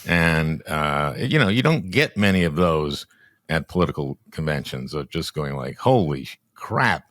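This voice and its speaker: An older man in his seventies speaks in a very low voice, chatting casually as a podcast guest. His delivery is wry and halting, full of restarts, and often sinks quiet. The mic is close and dry. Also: expressive, no echo. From Minnesota, US. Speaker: podcast guest, former senator and comedian. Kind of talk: casual political chat.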